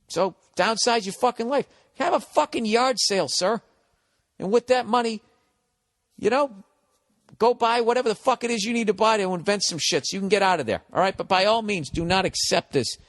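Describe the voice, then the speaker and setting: A man in his forties with a Boston accent rambles through podcast advice as a comedian host. He is profane and blunt, mock-harsh one moment and encouraging the next. His voice sits fairly high and carries a long reverb tail. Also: moderate pace, long pauses, a bit bright. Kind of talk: rambling comic advice monologue.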